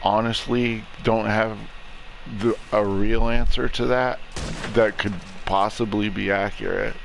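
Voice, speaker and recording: A young adult man streaming a game, rambling through a profane, deadpan conspiracy rant. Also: on the low side, a little slow, vocal fry, a little hiss or hum, poor audio. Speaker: gaming streamer. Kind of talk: casual chat while streaming a game.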